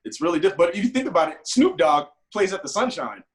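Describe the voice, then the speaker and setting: A man, a guest musician, telling a story in casual talk and acting out the people he quotes with big jumps in pitch. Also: very animated, fast talker.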